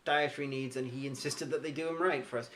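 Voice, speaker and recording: A man's voice: medium pitch, fairly even intonation, fast, fairly bright tone, slight background noise. A man co-hosting a podcast, chatting casually and enthusiastically about a trip. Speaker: podcast co-host. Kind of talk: casual chat.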